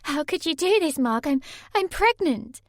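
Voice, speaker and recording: A woman's voice: sits high, animated, moderate pace, a bit bright, dry recording, clean studio sound, voice pushed up. A woman voicing a distraught pregnant young woman who pleads tearfully.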